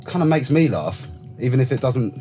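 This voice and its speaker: A man's voice: medium pitch, big pitch swings, brisk, dark tone, soft background music. A man from Germany, working as a tour manager, chatting casually in a camp, playful manner. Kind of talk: casual chat.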